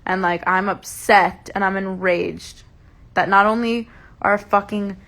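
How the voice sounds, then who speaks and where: Young woman ranting heatedly, gravelly edge. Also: mid-range voice, fairly even intonation, measured pace, fairly bright tone. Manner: passionate, heated ranting with frequent swearing. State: upset and enraged. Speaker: livestream host. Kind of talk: casual livestream chat. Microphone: phone.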